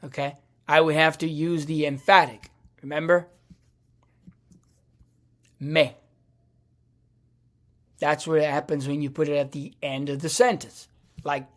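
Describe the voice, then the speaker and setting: A man teaching a lesson, patient and halting, often restarting a phrase and checking in with the listener. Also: fairly high pitch, fairly even intonation. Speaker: language teacher. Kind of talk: explaining a lesson.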